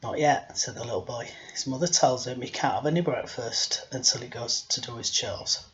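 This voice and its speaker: A man's voice: medium pitch, fairly quick, fairly bright tone, dull audio, slight background noise. A man hosting a casual joke-telling home video. He rambles, mocks himself and sighs often between his lines. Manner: rambling, self-mocking, sighing often. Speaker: storyteller host.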